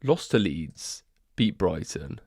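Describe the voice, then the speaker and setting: Congested man, lively chatter. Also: sits low, slow pace, breathy edge, no echo, studio quality. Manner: chatty, thinking aloud to viewers. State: congested nose. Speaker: fantasy football streamer. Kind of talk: casual livestream chat. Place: home room.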